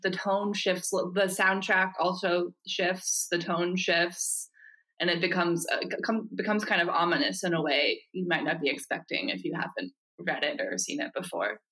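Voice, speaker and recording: A woman's voice: lowish voice, moderate pace, bright, forceful tone, poor audio. A woman co-hosting a podcast, agreeing and adding thoughtful points in a casual film discussion. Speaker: podcast co-host.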